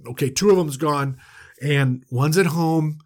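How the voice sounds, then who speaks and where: A man playing humble, nervous farmer brothers who plead in a stammering, overly formal way. The voice is fairly high and drawn out. It stays close to an everyday speaking voice. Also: unhurried.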